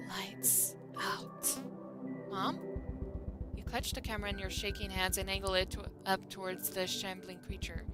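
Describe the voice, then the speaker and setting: Vrouwelijke streamer die gametekst voorleest. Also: female voice, mid-range voice. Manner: steady storybook reading. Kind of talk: reading game text aloud.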